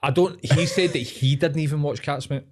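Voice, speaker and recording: A man's voice: fairly high pitch, fairly even intonation, moderate pace. A man with a Scottish accent, a podcast host chatting casually, swearing freely and rambling with lots of fillers. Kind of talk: casual chat.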